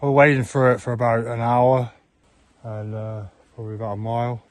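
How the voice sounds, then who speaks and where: A man from south-west England keeps a rambling, halting hiking diary outdoors, full of fillers and restarts. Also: mid-range voice, little pitch movement, no room sound, poor audio. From Plymouth, south-west England. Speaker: hiker and vlogger. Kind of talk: casual spoken hiking diary. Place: outdoors on open moorland and in woodland. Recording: outdoor camera audio with wind noise.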